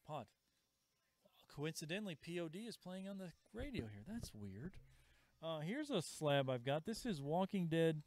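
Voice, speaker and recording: A man's voice: a little high, no room sound. A man hosting a live sales stream from a comic shop. He chats casually, reads out viewer comments and calls out prices.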